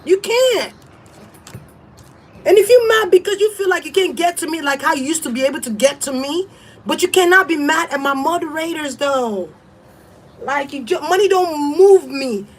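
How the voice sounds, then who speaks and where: A high-voiced woman reading tarot who rants bluntly and defiantly. She swears freely and laughs between points. Faint noise sits under her voice. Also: expressive, moderate pace. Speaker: tarot reader. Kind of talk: casual livestream rant.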